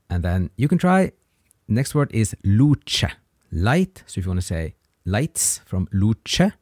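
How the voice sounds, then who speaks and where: Male language teacher, patient and encouraging, low voice with a lot of movement. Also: a little mellow, dry recording, clean studio sound. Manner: patient, encouraging, pauses for learner answers. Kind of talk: grammar lesson.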